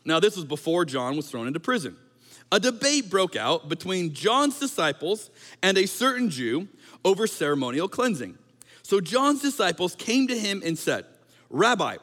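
A man preaching a conversational sermon as pastor, animated and joking, sometimes acting out quotes in a raised voice. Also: high voice, moderate pace, long reverb tail.

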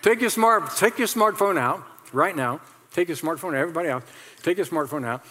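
A male pastor preaching a lively sermon, repeating lines and leading the congregation in call-and-response. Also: on the high side, brisk. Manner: animated, repetitive, leads the congregation in call-and-response. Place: large church hall with congregation. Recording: long hall reverb.

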